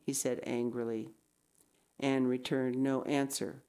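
Low-voiced woman reading a novel aloud. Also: unhurried, darkish tone. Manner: breaks off into casual asides. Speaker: reader.

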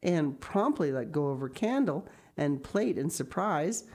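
A woman narrating an audiobook in a calm, measured, descriptive way. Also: deep voice, husky.

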